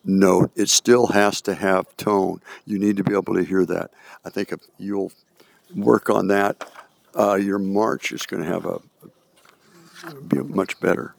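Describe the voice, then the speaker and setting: A man's voice: low-pitched, level tone, a little slow, gravelly, no room sound. An older man, a retired band director, giving spoken comments on a band's performance and singing out phrases to show how they should sound. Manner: sings and scats passages to show phrasing. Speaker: band adjudicator. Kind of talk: recorded band clinic comments. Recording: music playing loudly underneath. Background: band music playing.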